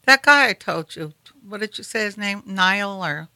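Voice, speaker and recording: A woman co-hosting a radio talk show, chatting casually in a relaxed, plain-spoken way. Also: medium pitch, moderate pace, no room sound, rough recording. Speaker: radio co-host.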